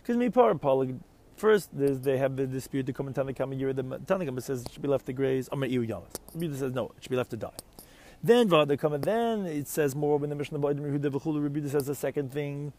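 A Talmud teacher with a medium-pitched, slightly mellow voice talks fast as he lectures, reading Aramaic phrases and explaining each in English. He frequently poses questions to his listeners.

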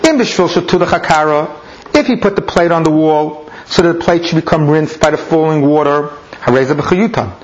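A man's voice: on the high side, fairly quick. A man teaching a Talmud lesson, explaining each step and weaving in Hebrew and Aramaic terms. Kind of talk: Talmud lecture. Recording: dull lo-fi recording.

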